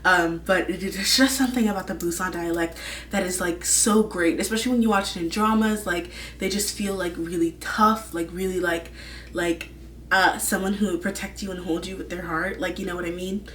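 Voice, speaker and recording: A young woman chats away in a low-ish voice, rambling and gushing with a "like" in almost every breath. She sits some distance from the mic in an echoey room with a faint hiss behind her. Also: fairly even intonation, brisk, a bit bright. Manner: rambling, gushing, full of "like" fillers. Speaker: vlog host. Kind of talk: casual chat.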